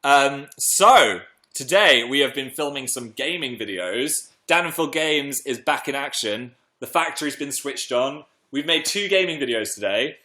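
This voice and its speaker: A man's voice: lively intonation, unhurried, sharp tone. A young man hosting a casual livestream from home, chatting playfully and reading comments aloud. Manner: chatty, playful, jumps into high silly voices. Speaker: livestream host.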